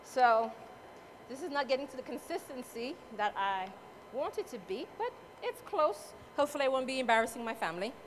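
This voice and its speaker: A woman with a high voice talks her way through a live cooking demonstration, playful and motherly as she chats with the audience and judges. She is picked up by a mic at some distance, with faint noise behind her. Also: very animated, brisk. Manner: chatty, motherly, playful asides. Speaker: cooking competitor. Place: cooking competition event space.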